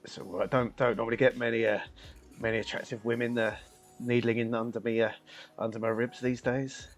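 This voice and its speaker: A man's voice: medium pitch, level tone, a little fast, soft background music, voice pushed down, lightly acted. Man doing a toothless old sailor. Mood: flirty.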